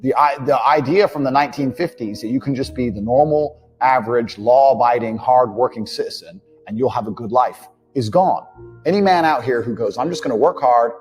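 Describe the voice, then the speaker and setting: A man's voice: medium pitch, a little fast, darkish tone, soft background music. A man giving a motivational monologue about money, blunt and brash, swearing freely and acting out the people he quotes. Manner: brash, blunt and profane, acts out quoted dialogue. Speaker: entrepreneur speaking on money.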